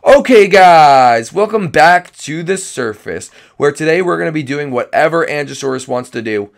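This is an excitable male host of a game comedy role-play who exclaims constantly. His gravelly voice rises and falls widely. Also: fairly high pitch, moderate pace. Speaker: host and gamer.

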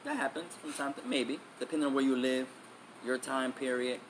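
A man's voice: mid-range voice, fairly quick, a little hiss or hum. A man giving an emphatic religious lesson, repeating key phrases and switching between English and Arabic. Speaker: Islamic teacher.

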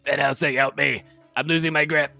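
A man's voice: low-pitched, steady tone, fast talker, sharp tone, soft background music. A man voicing a clumsy, sweet young woman companion with an eager, childlike voice. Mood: desperate.

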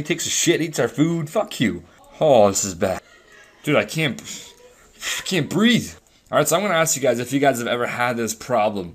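A young man rambling through a profane, sarcastic story while commentating on his game. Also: mid-range voice. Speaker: gamer commentating over gameplay. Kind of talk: casual storytelling rant.

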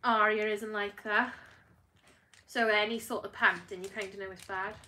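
A British woman filming a casual vlog at home, talking to her dogs in soothing baby talk that often drops to a hush. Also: mid-range voice, level tone, moderate pace, heavy background noise. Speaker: dog breeder filming her dog's labour. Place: at home indoors.

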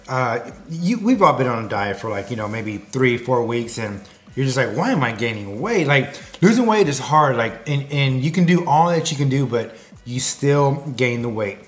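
A man's voice: medium pitch, lively intonation, measured pace, soft background music. A man giving a comedic food promo, rambling and jokey, drifting off on tangents. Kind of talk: comedic promo talk to camera.

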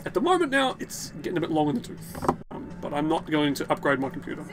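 A man giving casual, jokey commentary while playing a video game, excitable and sweary. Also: a little high, fast, noisy background. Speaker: let's play gamer. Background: game music and sounds.

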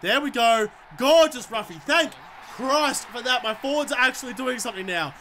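High-voiced, excitable man gaming. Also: moderate pace, a little hiss or hum. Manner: excitable, swearing, shouting at the game. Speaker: gamer. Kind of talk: let's-play commentary.

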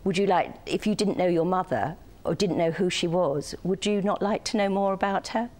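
Older woman, UK-raised, low voice, gentle and hesitant interview guest. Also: normal speed. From United Kingdom. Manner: soft-spoken, hesitant with many ums.

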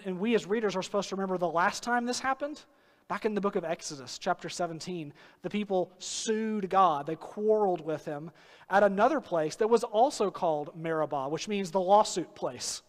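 A high-pitched man preaches in a church, his voice trailing off into a long hall reverb. He talks earnestly and slows right down to stress key phrases. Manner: earnest preaching with sudden slow emphatic phrases and acted quotes. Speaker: pastor. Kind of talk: sermon. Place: church sanctuary.

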